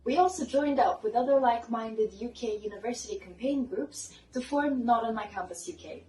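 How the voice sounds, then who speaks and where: Woman, student campaigner, steady scripted update, mellow and a bit high, echoey room, distant mic. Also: a little fast. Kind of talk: scripted promotional announcement.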